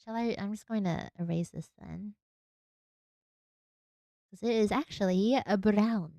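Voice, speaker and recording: In a mid-range, mellow voice with no echo, a young Australian woman talks a little slowly as she draws for her stream. The chat is casual and self-mocking, dotted with giggles at herself.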